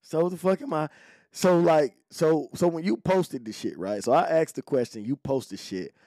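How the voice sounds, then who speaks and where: A young adult man hosting a podcast in casual, profane, animated chat, speaking to his listeners. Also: on the high side, normal speed, dry recording. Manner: profane, animated, talks straight to male listeners. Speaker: podcast host.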